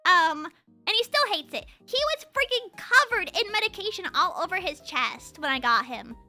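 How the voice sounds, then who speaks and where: A woman's voice: very high voice, expressive, moderate pace, bright, forceful tone, soft background music. A young woman streamer chatting casually to her viewers, rambling with lots of fillers and restarts. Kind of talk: casual livestream chat.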